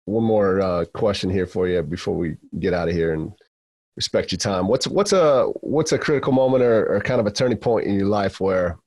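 A man's voice: lowish voice, fairly quick, a little mellow, dry recording. A man hosting an interview, laughing along and answering with short agreements before asking longer questions. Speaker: interview host. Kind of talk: podcast interview.

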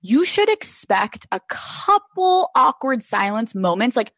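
A woman's voice: on the high side, very animated, a little slow, a bit bright, no echo. A woman hosting a podcast in casual chat, gushing and swearing freely, with lots of "like" fillers. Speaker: podcast host.

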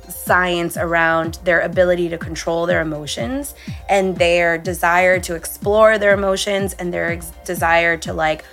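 A woman in her thirties co-hosting a casual chat, telling animated stories about parenting. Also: on the low side. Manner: animated storyteller, mimics her child's voice. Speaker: podcast co-host.

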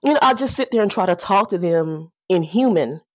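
A woman's voice: medium pitch, lively intonation, a little fast, no room sound, clean studio sound. A woman who runs an auto repair shop, a guest on a podcast, telling humorous customer stories and acting out the dialogue. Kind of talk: casual podcast conversation.

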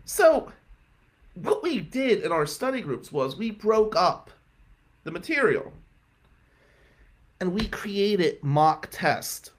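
Guy telling law school stories, brash and sweary, pitch all over the place. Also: animated, slow pace, pauses often. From New Jersey. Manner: brash and blunt, swears, voice climbs sharply when riled up. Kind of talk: casual storytelling.

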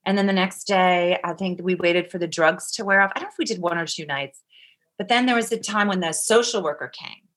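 A woman guest telling a personal story in casual conversation, swinging between loud excitement and hushed, quiet tones. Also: lowish voice, brisk.

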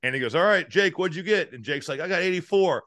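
A man co-hosting a sports podcast, telling stories with a bright, forceful voice. He is animated and laughs a lot. The sound is dry and close. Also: a little high, fast talker, no room sound. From Indiana. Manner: animated storyteller, laughs often. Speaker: podcast co-host. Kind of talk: casual sports chat.

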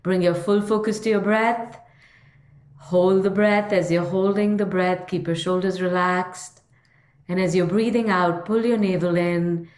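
A woman breathing coach leading a guided breathing exercise, counting aloud slowly and calmly. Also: lowish voice, roomy sound. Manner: slow, calm counting aloud.

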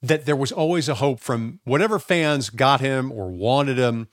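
A man's voice: mid-range voice, moderate pace, no room sound, studio quality. A man co-hosting a podcast, talking loosely and thinking aloud with many fillers. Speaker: podcast co-host. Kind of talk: casual podcast banter.

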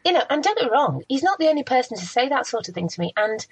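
A woman, a presenter telling stories from her career in a casual interview, very expressive and laughing often. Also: high-pitched, quick pace, slight background noise, rough recording. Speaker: radio and TV presenter.

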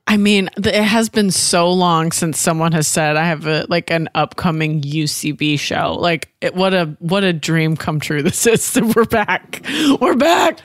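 A woman co-hosting a podcast in casual chat, wry and animated, quick to laugh along. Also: low voice, no room sound, studio quality. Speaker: podcast co-host.

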